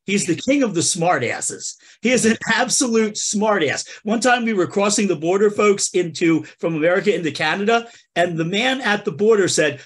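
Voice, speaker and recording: This podcast host's voice sits high and sounds slightly rough, expressive, and fairly quick. Spinning a comic tale in a playful way, he addresses his audience straight on as folks.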